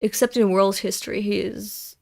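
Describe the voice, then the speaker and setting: A woman's voice: mid-range voice, steady tone, normal speed, gravelly. A young woman from Europe, streaming as she reads a manga aloud, talking in a blunt, profane, angry rant. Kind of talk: live-stream reading with commentary.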